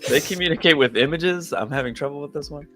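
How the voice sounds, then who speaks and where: A man's voice: on the high side, quick pace, bright, forceful tone, faint music behind. A man chatting casually as a livestream guest, playful and often laughing.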